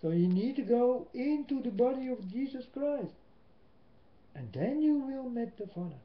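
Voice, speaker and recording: A man whose first language is Dutch, preaching a sermon in English into a webcam at home, slow and emphatic, swinging between loud and soft. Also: very high-pitched, big pitch swings. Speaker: lay preacher. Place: indoors at home. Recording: roomy, dull webcam audio.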